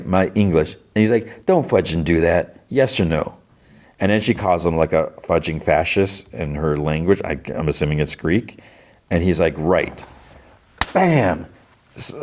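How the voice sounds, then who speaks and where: Low-voiced man recapping scenes quickly. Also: a little mellow. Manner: retells scenes in quick quoted bits, with filler words and restarts. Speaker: podcast host. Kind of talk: casual episode recap.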